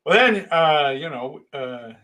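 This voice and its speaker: Middle-aged man telling a story, slightly high voice. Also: slow pace. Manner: animated, with sudden loud bursts and hushed asides. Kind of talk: casual storytelling monologue.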